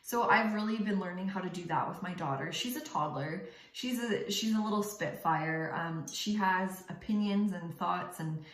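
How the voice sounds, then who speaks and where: Young woman, mother, earnest and direct advice, lower pitch, echoey room. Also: moderate pace, hardly any pauses. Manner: earnest, direct, with many fillers and restarts. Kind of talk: casual talk to camera.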